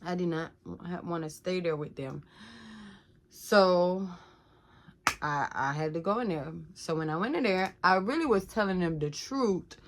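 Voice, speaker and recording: A woman's voice: lowish voice, a little slow, a little hiss or hum. A young adult woman from Georgia, telling her life story casually to viewers, with lots of "like" and "y'all.". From Georgia, USA. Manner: talkative, frequent "like" and "y'all" addressing viewers.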